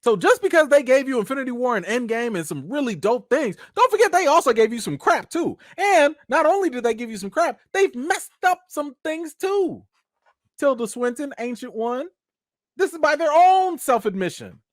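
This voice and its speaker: A man's voice: very high-pitched, sing-song, normal speed, dry recording, clean studio sound. A man giving casual live-stream commentary, emphatic and slangy, firing off rhetorical questions.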